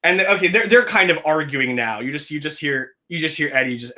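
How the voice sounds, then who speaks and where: A man's voice: on the high side, brisk, hardly any pauses, bright, forceful tone. A man narrating a tabletop game as game master, rambling and correcting himself playfully.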